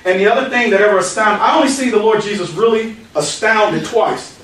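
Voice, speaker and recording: A man preaching as a pastor in a conversational teaching style, with a fairly high voice. The room is very echoey and he sounds set back from the microphone, with faint noise underneath. He moves between quoted scripture and casual stories. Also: a little fast, fairly bright tone. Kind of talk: verse-by-verse Bible teaching. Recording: echoey hall, mic at a distance.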